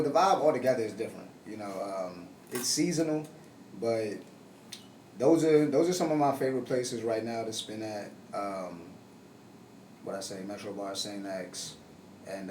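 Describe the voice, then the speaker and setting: A man's voice: lowish voice, moderate pace, darkish tone. A man who works as a DJ, chatting casually as a podcast guest in a loose, easygoing way with plenty of swearing. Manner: laid-back, loose, swears and says bruh. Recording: echoey room, distant mic, faint noise.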